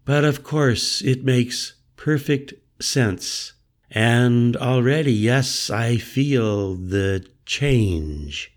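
A man's voice: mid-range voice, takes it slowly, a little mellow, lightly acted. A man voicing a grandiose, arrogant man who is slightly unhinged and talks in a self-admiring, dreamy way. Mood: dazed.

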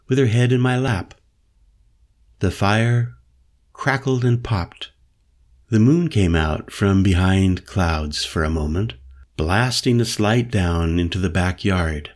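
Male audiobook narrator, first person, low voice, slow measured delivery.

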